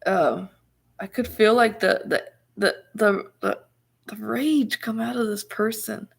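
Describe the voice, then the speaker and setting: A young woman vlogging to her viewers with a gravelly, fry-edged voice. She rambles casually, circles back with restarts and little laughs. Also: mid-range voice, takes it slowly. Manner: chatty, full of "like" and restarts, laughs often.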